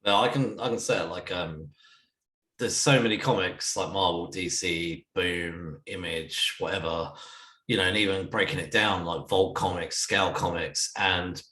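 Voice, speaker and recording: A man's voice: low voice, normal speed, bright, forceful tone. A man hosting a podcast, asking easygoing questions in casual chat. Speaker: podcast host. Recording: roomy echoey room.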